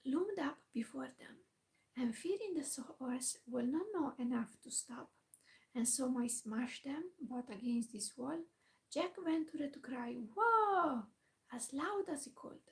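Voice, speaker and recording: A woman in a whispered role-play, reading a classic storybook aloud softly with quiet asides. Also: high-pitched, animated, a little slow, vocal fry, rough recording.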